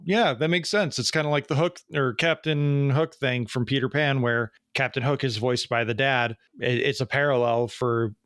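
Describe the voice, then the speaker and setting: A man in his forties hosting a podcast in casual chat, fast and prone to tangents and self-interruptions. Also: medium pitch, fairly bright tone, dry recording, clean studio sound. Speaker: podcast host.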